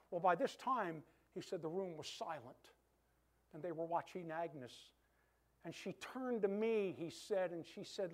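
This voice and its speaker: A man preaching a sermon, retelling a story in lively quoted dialogue. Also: high-pitched, a little slow.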